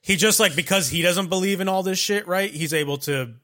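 Male co-host, a bit high, bright, casual and profane. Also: fairly quick. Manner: frequent agreeing murmurs, loose profane talk. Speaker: podcast co-host. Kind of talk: casual chat.

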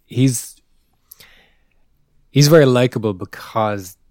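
A man's voice: mid-range voice, slow, a little mellow, no room sound, studio quality. A man in casual podcast talk, blunt, swearing, often restarting his sentences. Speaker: podcast co-host. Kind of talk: casual chat.

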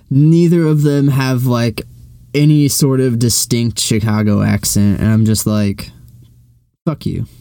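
Rambling young man, mellow dry voice. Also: medium pitch, no echo. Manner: rambling, swears freely, restarts a lot. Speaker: podcast co-host. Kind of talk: casual chat.

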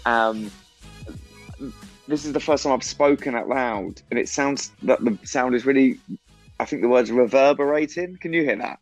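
A man's voice: medium pitch, normal speed, soft background music, rough recording. A man co-hosting a podcast from a hotel room, rambling and laughing often. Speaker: podcast co-host. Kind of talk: casual chat over a video call. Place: echoey hotel room, on a bed.

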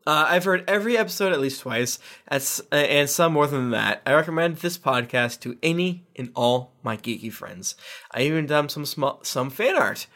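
A man's voice: a little high, moderate pace, sharp tone. Man playfully reading reviews aloud. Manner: reads aloud with playful voices and asides. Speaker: podcast host reading listener reviews. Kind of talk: casual podcast chat.

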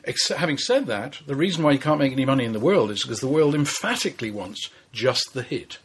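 A man's voice: mid-range voice, sing-song, slight background noise. A man giving opinions on the music business in a casual podcast discussion. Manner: opinionated, rapid explainer. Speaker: music magazine writer.

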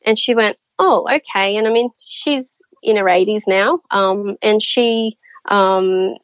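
A woman's voice: mid-range voice, takes it slowly, no room sound, dull audio. A woman, a podcast guest, telling stories casually and acting out the voices of the people in them. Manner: animated, acts out voices in her stories. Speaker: podcast guest, spiritual medium. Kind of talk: casual storytelling.

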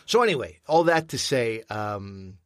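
A man's voice: mid-range voice, sing-song, a little slow, no echo. Forties male co-host, talkative joker, hungover, dry studio read. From Canada. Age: 40s. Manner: chatty, jokey, puts on mock voices. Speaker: podcast co-host. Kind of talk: casual chat.

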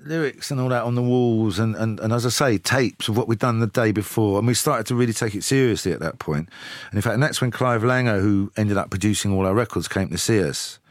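A man with a low, dry voice, chatting easily as he tells stories about his band's early days. He slips in laughs here and there, in a close, dead-sounding interview recording. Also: fairly quick, no room sound. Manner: chatty, laughs while telling anecdotes. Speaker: guest, singer. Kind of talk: storytelling interview.

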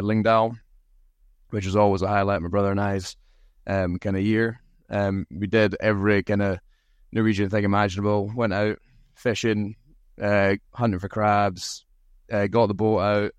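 A man's voice: on the low side, clear, resonant tone, no room sound. A man from Aberdeen with a Scottish accent, telling easygoing, self-deprecating stories as a podcast guest. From Aberdeen, Scotland. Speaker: podcast guest, rugby team captain. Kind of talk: casual interview storytelling.

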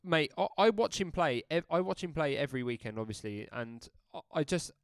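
A man's voice: on the high side, lively intonation, a little fast, clean tone, no room sound, clean studio sound. Emphatic man talking football. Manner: emphatic, repeats himself as he builds a point. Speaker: podcast co-host. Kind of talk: casual football banter.

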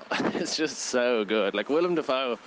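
A man's voice: mid-range voice, animated, takes it slowly, noisy background. A man, co-hosting a casual film review podcast and rambling through his thoughts with lots of fillers. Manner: rambling, full of "like" fillers, laughs often.

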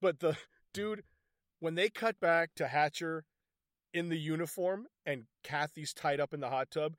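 A man recaps a film in loose, profane banter, slipping into bits of the characters as he goes. His voice sits a little high for a man. The sound is close and dry. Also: measured pace, no echo. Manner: animated, profane, acts out scenes with laughter. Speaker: podcast co-host reviewing a movie. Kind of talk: casual chat.

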